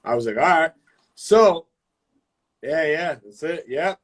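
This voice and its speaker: Fairly high-voiced man hosting a live-stream chat, swearing constantly through loose, slangy stories. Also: measured pace. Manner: profane, animated storytelling with slang.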